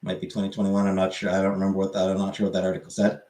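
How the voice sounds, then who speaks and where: Male streamer, low voice, rambling casual delivery full of self-corrections, recorded in a roomy space. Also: monotone, rapid-fire, warm tone. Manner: meandering, corrects himself mid-sentence. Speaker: livestream host answering chat. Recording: roomy echoey room.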